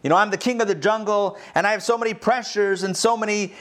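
A proud lion king confessing his misdeeds, as a man tells it in a class parable. He sounds self-pitying and stumbles over his words, in a somewhat high voice that rises above the teller's own. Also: fairly even intonation, quick pace, fairly bright tone. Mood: sheepish.

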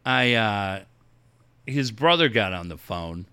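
A man's voice: fairly low pitch, lively intonation, slow pace, pushed and bright, clear, resonant tone, no room sound. A man in his forties, a radio host telling blunt, profane stories in casual banter.

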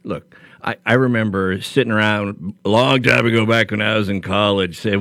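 A man's voice: on the low side, steady tone, normal speed, fairly bright tone, dry recording. Laughing, stammering male co-host. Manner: laughs easily and stammers into his points. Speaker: radio show co-host. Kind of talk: casual radio banter. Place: radio studio.

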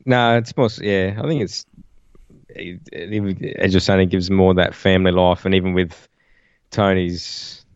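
A hoarse Australian man with a very deep voice talks in a relaxed, swear-heavy podcast manner. The sound is dry and slightly muffled, like a cheap microphone. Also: unhurried, no room sound. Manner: laid-back, profane. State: hoarse from a cold. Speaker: podcast co-host. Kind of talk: casual podcast chat.

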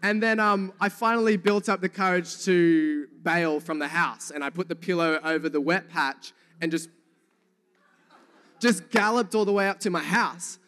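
A youth pastor, a young man with a New Zealand accent, preaches a sermon in a large hall and tells funny stories to the congregation. His voice is high and his pace is normal. He tells stories in a lively way and jokes with the people listening.

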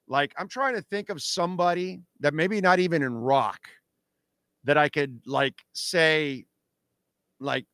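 A man's voice: a little high, fairly bright tone, no room sound, studio quality. Emphatic man hosting a radio talk show. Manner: emphatic, repeats "no, no, no", reacts to chat. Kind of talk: casual opinionated radio talk. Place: radio studio.

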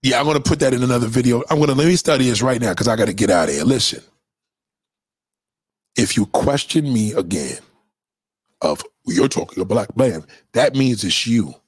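A man's voice: mid-range voice, expressive, brisk, breathy edge, no echo, studio quality. A man vlogging a heated, profane commentary rant with sing-song jabs. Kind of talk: ranting commentary video.

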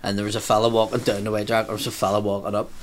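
A man's voice: lowish voice, flat delivery, rapid-fire, slight background noise. A man with a Belfast accent in casual conversation, blunt and sweary, acting out the people in his stories. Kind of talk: casual chat.

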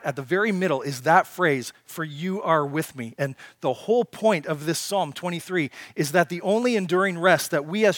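A man preaching a sermon in a somewhat high voice, recorded close and dry. He presses his points with rhetorical questions. His delivery swings between loud, driving passages and hushed ones. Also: no room sound. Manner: asks rhetorical questions of the congregation. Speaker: pastor.

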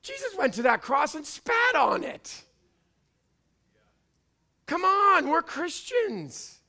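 A man from Canada with a Canadian accent, preaching a fiery sermon in church and often shouting. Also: extremely high pitch, sing-song, slow, vocal fry. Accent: Canadian English. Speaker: pastor. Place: church before a congregation.

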